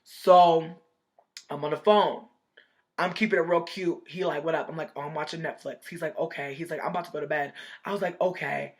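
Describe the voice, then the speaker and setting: A woman vlogger telling a storytime in a casual, animated, profane way, acting out quoted voices. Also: low voice, fairly quick.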